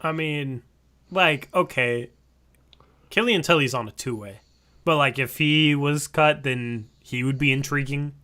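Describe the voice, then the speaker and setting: A man co-hosting a casual sports podcast, arguing his opinions at length with quick asides. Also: a little high, sharp tone. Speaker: podcast co-host.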